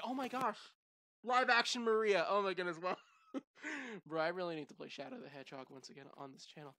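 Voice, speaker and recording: Young gamer freaking out over a trailer, sharp bright voice, super lively, dry close mic. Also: mid-range voice, no room sound. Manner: hyper, shouts and laughs, lots of "bro" and "oh my gosh". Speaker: gaming channel host. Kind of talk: excited trailer reaction.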